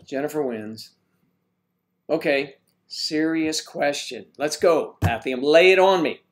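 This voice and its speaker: A man's voice: on the high side, takes it slowly. An older man hosting a casual livestream chat, reading viewer comments aloud in a jokey, teasing way. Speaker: livestream host.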